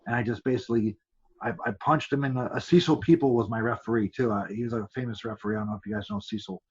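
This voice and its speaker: Fast-talking husky man telling fight stories. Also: mid-range voice. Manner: animated storyteller who restarts and repeats words. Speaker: kickboxer guest. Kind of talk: casual storytelling chat. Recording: dull lo-fi podcast sound.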